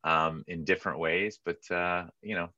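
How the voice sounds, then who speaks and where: A middle-aged man co-hosting a sports podcast in casual, chatty talk, full of asides and quick mock voices. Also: no echo. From California. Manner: chatty, animated, jumps into squeaky mock voices. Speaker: podcast co-host. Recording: dull lo-fi mic sound.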